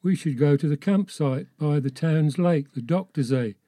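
A man's voice: fairly high pitch, moderate pace, mellow, no echo, clean studio sound, natural voice. A man voicing a young, ginger-bearded husband on a road trip, in a friendly conversational reading style. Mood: cheerful. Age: 20s. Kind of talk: audiobook memoir reading.

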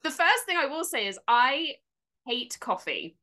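A woman's voice: sits high, big pitch swings, a little slow, pushed and bright. Bubbly English woman podcast host. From England. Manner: gushing, enthusiastic, giggly. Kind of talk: casual interview chat.

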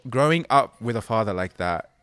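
A man's voice: on the low side, lively intonation, fairly quick, fairly bright tone, smooth, no echo. A man with a British accent hosting an interview, asking long reflective questions padded with fillers. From United Kingdom. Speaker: interviewer, host. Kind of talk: conversational interview.

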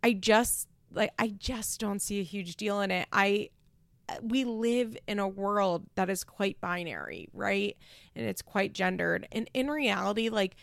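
Creaky-voiced woman chatting casually. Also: medium pitch, a little slow, no room sound. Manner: chatty, lots of "like" and restarts, frank swearing. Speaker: reality TV commentator. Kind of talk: casual opinion chat.

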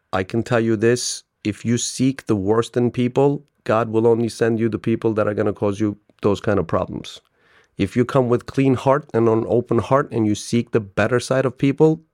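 A man guest on a podcast interview, telling stories with lively acted-out dialogue and frequent laughter. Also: lowish voice, no echo, studio quality. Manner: animated storyteller, laughs often, acts out dialogue. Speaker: business owner guest.

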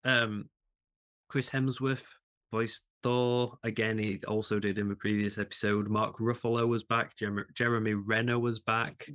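Excitable podcast co-host man. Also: on the low side, measured pace. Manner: enthusiastic, stumbling restarts, laughs often. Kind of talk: casual chat.

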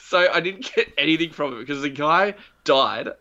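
A man's voice: a little high, moderate pace. Brief: male podcast co-host, casual and profane, recorded on a dull lo-fi mic. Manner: swears often, animated retelling with quoted voices. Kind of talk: casual storytelling chat.

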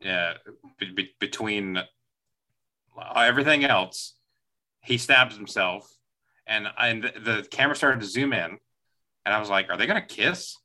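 Male podcast host, very bright voice, rambling exasperation. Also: lowish voice, a little slow, long pauses. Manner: exasperated, rambling, laughs often. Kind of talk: casual movie discussion.

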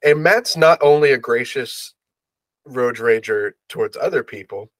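Brief: young male co-host, dry deadpan humor, close dry mic. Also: mid-range voice, a little slow, no room sound. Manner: deadpan, self-deprecating joking. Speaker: podcast co-host. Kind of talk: casual chat.

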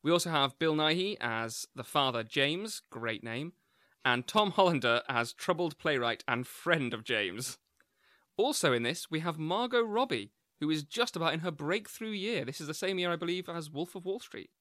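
A man recapping a film's story for a podcast in a steady, lightly wry way. His voice is bright and forward, and the recording is dry and close with no room sound. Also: fairly high pitch, normal speed, dry recording. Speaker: podcast co-host. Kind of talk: plot recap for a film podcast.

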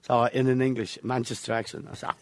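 A man's voice: medium pitch, little pitch movement, fast, no echo. An older Irish man, a guest in an interview, telling anecdotes from his football past with chuckles between stories. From Ireland. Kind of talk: reminiscing interview.

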